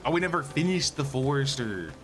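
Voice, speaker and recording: A man's voice: mid-range voice, big pitch swings, a little fast, fairly bright tone, slight background noise. A man casually talking through a live game stream, thinking aloud and greeting viewers, his voice a bit worn. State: slightly losing his voice.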